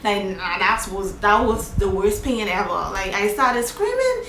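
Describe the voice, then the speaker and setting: A woman vlogger telling a personal story in a casual, animated, plain-spoken way. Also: mid-range voice, unhurried. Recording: echoey room, faint background noise.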